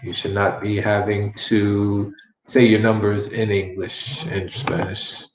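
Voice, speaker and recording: Man, Spanish teacher, low voice, slow careful enunciation, repeats phrases, echoey room. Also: little pitch movement, a little hiss or hum. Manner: slow, deliberate enunciation with many repetitions. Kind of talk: online language lesson.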